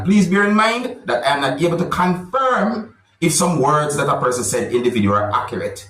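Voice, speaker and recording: A vlog host with a medium-pitched, slightly bright voice gives news-style commentary, repeatedly addressing his viewers and subscribers in a formal, roundabout manner. He's recorded from a distance, a bit off mic, in an echoey room.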